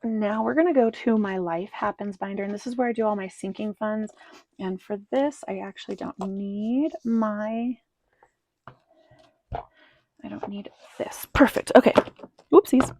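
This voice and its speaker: Brief: woman vlogger, warm dark tone, relaxed rambling budget chat, soft murmured counting. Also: mid-range voice, normal speed. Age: adult with children. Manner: rambling with many ums, counting bills under her breath. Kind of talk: casual cash-stuffing walkthrough.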